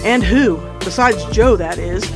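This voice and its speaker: A woman reading a mock infomercial voice-over in a bright, salesy pitch. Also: unhurried. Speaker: parody ad announcer. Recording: voice-over with music beneath.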